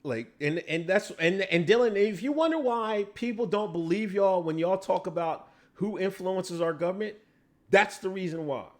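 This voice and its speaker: An animated man hosting a casual livestream, arguing with viewers in the chat. His voice sits high and swings widely in pitch as he goes from mumbled asides to loud outbursts. He swears freely. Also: moderate pace. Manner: profane, animated, talks back to chat. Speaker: livestream host.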